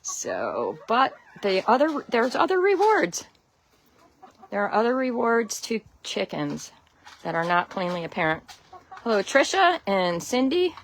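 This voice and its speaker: A backyard chicken keeper from Connecticut streams live from her outdoor run, phone in hand as she walks. Her highish voice swoops wildly in pitch at an unhurried pace, with slight background noise, and she has a Connecticut accent. She laughs often and greets viewers by name.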